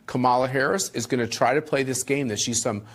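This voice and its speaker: A man's voice: mid-range voice, brisk. A man on a cable news panel, an opinionated commentator talking emphatically.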